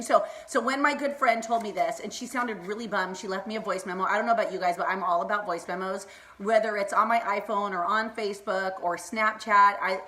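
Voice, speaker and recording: Bubbly, fired-up woman live-streaming. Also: medium pitch. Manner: bubbly, excitable, laughs often, greets viewers by name. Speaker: motivational vlogger hosting a live stream. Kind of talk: casual live-stream pep talk.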